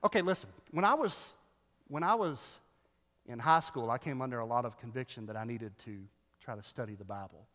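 A man delivering a sermon as a pastor, animated and joking with the congregation. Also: mid-range voice, brisk, long reverb tail.

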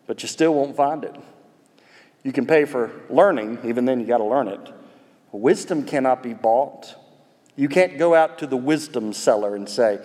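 Preacher guy, kinda high voice, chatty and rambly, big echoey hall. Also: a little mellow. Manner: conversational, digressive, with asides to the audience. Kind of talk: expository sermon. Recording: long reverb in a large hall.

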